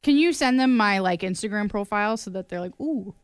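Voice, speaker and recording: A woman co-hosting a radio show who chats in an excitable, gushing way. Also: mid-range voice, fast talker, smooth, dry recording, clean studio sound. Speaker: radio co-host. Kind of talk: casual chat.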